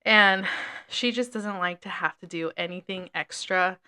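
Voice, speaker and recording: A young woman co-hosting a casual chat, telling a work story in a lively way and swearing often. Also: lowish voice, unhurried, clean tone. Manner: animated storytelling with frequent swearing. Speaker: podcast co-host.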